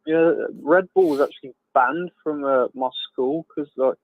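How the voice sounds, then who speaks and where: A man's voice: a little high, normal speed, dry recording. Chatty man on a tinny call line. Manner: chatty, jokey, rambling with fillers. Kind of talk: casual chat.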